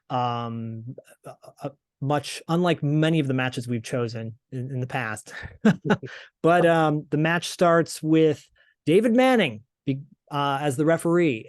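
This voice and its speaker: A man's voice: mid-range voice, no echo. Dry-sounding chatty male podcast host. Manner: chatty, hesitant with frequent fillers and restarts. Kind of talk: casual podcast recap.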